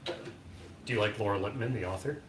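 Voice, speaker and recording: In an echoey room with noticeable background noise, a man co-hosts a home livestream, reading viewer comments and chatting casually. His voice is on the low side, his pace moderate, and his humor dry and wry.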